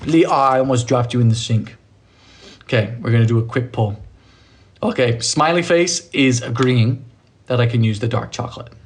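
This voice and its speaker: A man's voice: normal speed, slight background noise. A man from Britain hosting a baking livestream in his kitchen, chatting playfully while reading viewer comments. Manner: playful, theatrical, jumps between high and low voices. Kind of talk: casual live-stream chat reading comments. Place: home kitchen.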